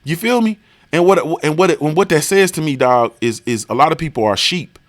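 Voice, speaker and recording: Profane, high-voiced male boxing host. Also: lively intonation, fairly quick. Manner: profane, repetitive rhetorical questions. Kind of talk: live-stream rant.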